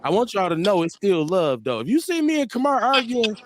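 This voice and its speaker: A man hosting a casual livestream talk show, joking around and reading viewer comments aloud in a relaxed way. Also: sits high, brisk, slight background noise. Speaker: host.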